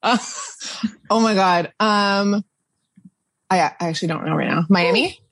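A woman's voice: medium pitch, measured pace, a bit bright, no room sound. A woman co-hosting a casual podcast, blunt and competitive in a trivia game. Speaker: podcast co-host, quiz contestant.

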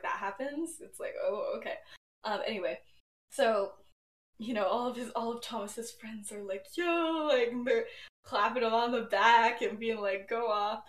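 A young woman hosts a podcast, casually retelling a story in a chatty, giggly manner full of filler words. Her mid-range voice sits far from a poorly placed home mic, and the room adds a noticeable echo.

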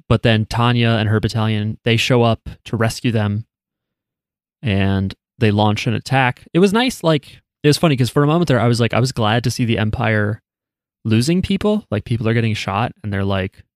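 A man's voice: medium pitch, dry recording. Man, podcast co-host, casual rambling chat, swears, dry close sound. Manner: loose, rambling, curses casually.

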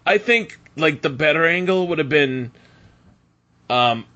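A man co-hosting a podcast in casual chat, animated and laughing often. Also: on the high side, moderate pace. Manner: animated, laughs often, quotes others in mock voices. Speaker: podcast co-host.

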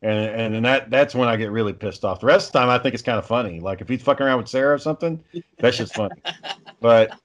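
A man's voice: mid-range voice, fast talker. A father in casual chat, rambling through stories about his kids and swearing freely.

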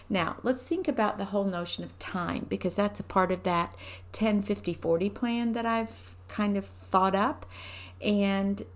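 A woman giving a conversational devotional talk from home, unhurried and asking her listeners rhetorical questions. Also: medium pitch. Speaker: devotional teacher.

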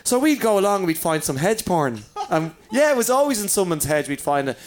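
A comedian, chatting loosely and crudely about growing up. His voice sits a little high and leaps around with big swings of pitch. He swears constantly, laughs through his lines and slips into impressions of the people he describes. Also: sing-song, brisk. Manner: swearing, laughing storyteller who mimics people. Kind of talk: casual chat.

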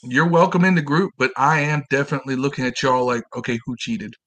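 Man, wry chatty podcast talk, bright forward tone. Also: mid-range voice, fast talker. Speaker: podcast co-host. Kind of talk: casual banter.

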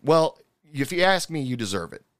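A man's voice: on the high side, big pitch swings, normal speed, dry recording. A man ranting casually about a TV show, frank and profane, with lots of fillers and restarts. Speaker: viewer recapping a TV cooking show.

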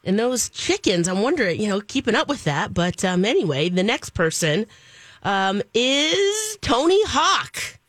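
A woman's voice: mid-range voice, animated, fairly quick, few pauses, no room sound. Chatty upbeat woman, dry studio sound. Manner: chatty, upbeat, frequent laughs. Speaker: entertainment news co-host. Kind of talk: casual radio show banter.

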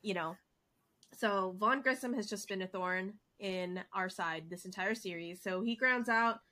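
A woman co-hosting a casual sports podcast, recapping games in an animated, excitable way with lots of fillers. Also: mid-range voice. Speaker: podcast co-host.

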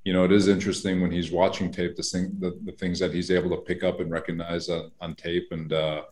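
A head coach answering reporters at a press conference, halting and measured with many "uh"s. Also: male voice, sits low, level tone, darkish tone.

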